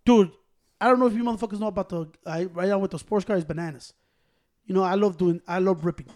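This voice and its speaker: A young man telling a story in casual chat with friends, profane and animated, breaking into laughs. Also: high-pitched, quick pace. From Hispanic American.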